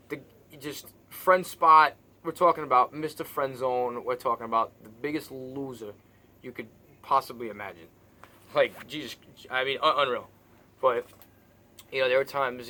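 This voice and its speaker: A man's voice: mid-range voice, sharp tone. A man telling his own story in a rambling, blunt way, with many restarts and fillers and casual swearing. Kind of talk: personal monologue.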